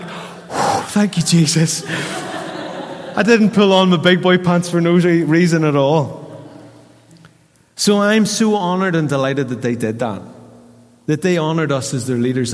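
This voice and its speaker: Northern Irish pastor preaching in a hall. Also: male voice, a little high, normal speed. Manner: storytelling, animated quoting of voices. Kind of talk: sermon. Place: church hall. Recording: reverberant church hall.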